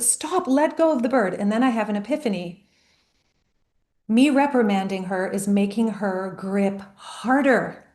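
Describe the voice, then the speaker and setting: A woman life coach giving a motivational talk, emphatic and storytelling, slowing down on key phrases. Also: medium pitch, a little mellow, echoey room.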